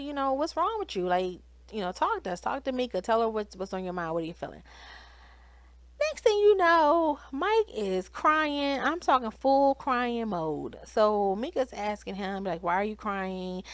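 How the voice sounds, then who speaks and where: A woman's voice: medium pitch, no echo. Chatty woman recapping a reality show. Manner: animated, talks straight to viewers, quotes cast in raised voice.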